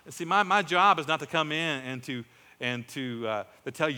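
A male pastor delivers a sermon with a bright, forceful voice that keeps pushing into emphatic peaks. His words ring out with a long reverb, as in a large church hall. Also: a little high, lively intonation, moderate pace. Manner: emphatic, rising to exclamations.

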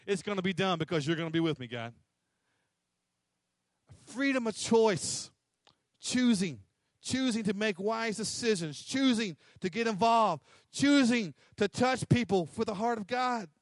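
Male pastor, high voice, dry close sound, punchy repetitive sermon delivery. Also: normal speed, no room sound. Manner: emphatic, repetitive, acts out quotes.

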